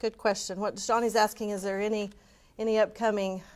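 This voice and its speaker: A woman's voice: mid-range voice, little pitch movement, a little fast, a little mellow. A woman giving a passionate, earnest community talk to a live audience and answering their questions. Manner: earnest, passionate, talks openly. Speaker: community presenter.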